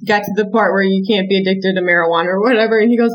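A woman's voice: mid-range voice, steady tone, very fast, highs cut off. A woman guest on a podcast, telling stories with frequent giggles. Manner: giggly storyteller. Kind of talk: casual chat.

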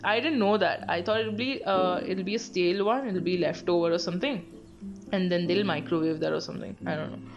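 A young Bangalore woman with an Indian English accent hosts a casual solo podcast, telling stories in a chatty way while laughing often and swearing. Her voice is lowish and fairly quick. The audio is dull, with music in the background.

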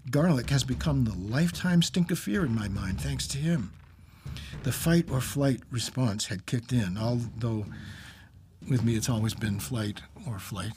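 A man's voice: medium pitch, unhurried, darkish tone, slight background noise. Wry, self-mocking male storyteller. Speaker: English teacher. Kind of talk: personal story narration.

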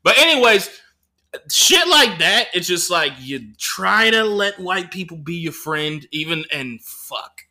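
Male comedian co-host, lively storyteller, swears freely, fairly high, very bright voice. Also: unhurried. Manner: animated storyteller, profane, laughing often. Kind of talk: casual podcast chat.

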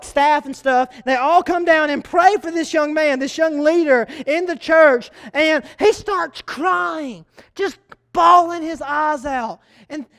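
Animated preacher, high voice. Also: male voice. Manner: animated storytelling preacher, repeats key phrases. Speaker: youth pastor. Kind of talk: sermon.

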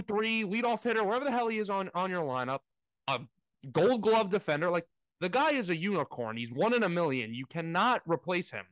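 A man rants in casual sports talk, his somewhat high voice swinging widely up and down as he mocks his opponents. The recording is dry and close, with no room sound. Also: dry recording. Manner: animated ranting, mocking impressions. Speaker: podcast co-host.

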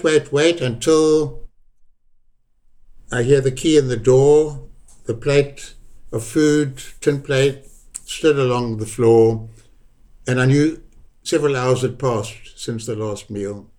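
This is an older man with a South African accent, speaking as a guest in an interview. He tells his story at a very slow, deliberate pace with a voice of middling pitch. He often circles back and repeats a word to give it weight. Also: a little mellow. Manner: unhurried, repeats words for emphasis. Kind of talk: reflective personal storytelling.

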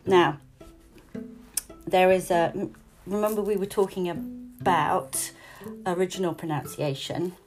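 A woman's voice: lowish voice, fairly even intonation, slow, long pauses, darkish tone, soft background music. A woman teaching a poetry lesson, reading lines aloud and rephrasing them in a chatty way. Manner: chatty, stops to explain and rephrase.

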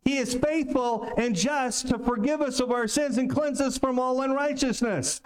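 A man's voice: very high-pitched, normal speed, few pauses. A male pastor preaching a sermon in a small-town church, conversational and joking, with plenty of rhetorical questions.

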